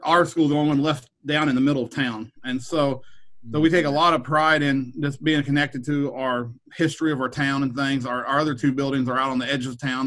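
Fast, bright-voiced man rambling casually. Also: medium pitch, poor audio. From Kansas. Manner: rambling, repeats words and restarts. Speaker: middle school principal. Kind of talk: casual podcast conversation.

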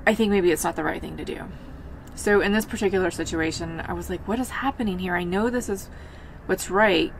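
Woman vlogger, casual and heartfelt to camera, medium voice, light hiss behind. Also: medium pitch. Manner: earnest, animated, with frequent fillers.

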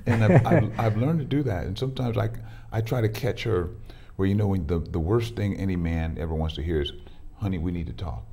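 A man, a pastor hosting a faith talk show, who starts haltingly and repeats words, then tells stories with lively energy. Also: lowish voice, vocal fry. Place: community TV studio.

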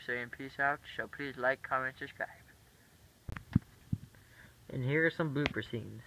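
A young man from Hawaii hosting a casual vlog challenge, loud and laughing often. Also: medium pitch, moderate pace, pauses often, noisy background. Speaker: YouTuber.

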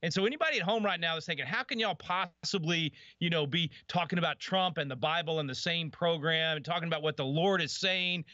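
A guest on a talk program makes his case in a conversational, persuasive way. His voice is bright, and the sound is dry and a bit muffled, lacking some treble. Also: a little high, fairly quick, hardly any pauses, dry recording.

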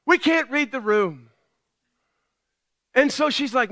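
Man, pastor, sermon, humorous storytelling, chatty asides, smooth resonant voice, dry sound. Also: extremely high pitch, animated, slow pace, long pauses, sharp tone, no room sound. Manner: humorous, self-deprecating storytelling; conversational, with frequent asides to the congregation.

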